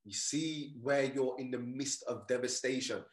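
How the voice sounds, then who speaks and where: A man in his late twenties, a mindset coach telling his story in a casual podcast chat, animated and often checking "you get me". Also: mid-range voice, unhurried, reverberant.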